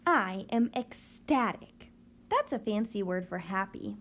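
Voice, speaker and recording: Lively woman reading a picture book. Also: mid-range voice, a little slow. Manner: lively, expressive storytelling with sing-song emphasis. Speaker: reader of a children's book.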